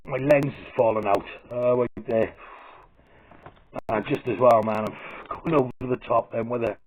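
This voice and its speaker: A man's voice: mid-range voice, normal speed. A man ranting profanely and aggressively to camera in a crude satirical comedy vlog. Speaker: comedy vlogger. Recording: tinny phone-like audio.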